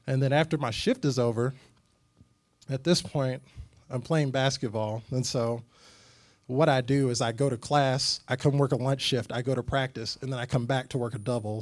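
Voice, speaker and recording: A young man preaching as a youth pastor, his talk loose and animated, with a middle-pitched voice. He tells a story to a group and keeps slipping in casual fillers. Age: young adult. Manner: animated and conversational, many fillers.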